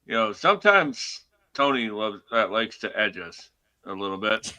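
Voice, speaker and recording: A man co-hosting a podcast in casual chat, laid-back and halting, with lots of fillers and laughter. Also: fairly low pitch, sing-song, bright, forceful tone. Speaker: podcast co-host.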